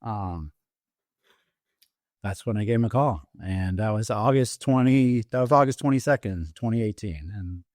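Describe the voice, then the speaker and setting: A middle-aged man, an Army veteran, telling his own story as a podcast guest, in a halting way with many fillers and restarts. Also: on the low side, lively intonation, a little mellow, no echo, studio quality. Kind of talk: personal story told in an interview. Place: podcast studio.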